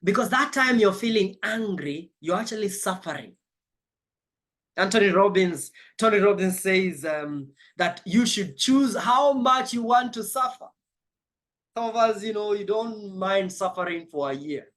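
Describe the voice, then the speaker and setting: A man's voice: high voice, measured pace, a bit bright. A man giving a motivational life coaching session, emphatic and spiritual, repeating his key phrases.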